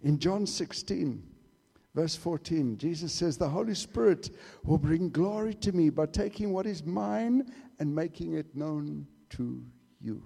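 A male preacher with a high yet mellow voice delivers a sermon, pressing his points hard and then dropping to a hush. His words ring out with a long reverberant tail, as though he is speaking in a church hall. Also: animated, unhurried, gravelly, husky. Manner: emphatic, swinging from loud to hushed.

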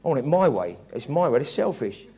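A man's voice: medium pitch, very animated, fairly quick, creaky, a little mellow, slightly rough. A man preaching a conversational, reflective sermon, often restarting his sentences. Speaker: pastor.

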